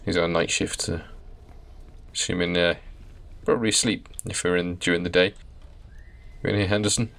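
A man with a very deep voice and a gravelly edge chats his way through a horror game. He tosses in wry asides as he plays. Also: fairly even intonation, normal speed, pauses often, fairly bright tone. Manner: chatty, wry, laughing asides. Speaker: let's play host. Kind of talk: casual gameplay commentary.

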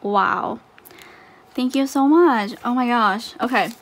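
A woman's voice: fairly high pitch, slow, slight background noise. A woman talking casually while unboxing a haul for her channel, gushing with exclamations and fillers. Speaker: YouTuber unboxing a photocard haul.

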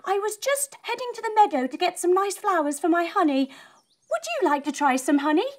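A woman voicing a cheerful, quick-talking young male bee in a children's yoga story. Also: extremely high pitch, lively intonation, a little mellow, pitched above the performer's own voice. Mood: chirpy. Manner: chirpy, quick, polite.

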